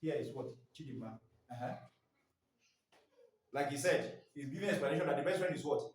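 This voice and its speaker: A man's voice: a little high, brisk. A man teaching staff in a training session, leaving his sentences open for the class to finish. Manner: quizzing listeners with fill-in questions. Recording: echoey room.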